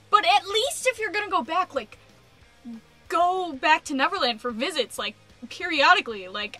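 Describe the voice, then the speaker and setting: A young adult woman vlogging a casual rant, animated and exasperated, peppering her speech with "like.". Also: high-pitched.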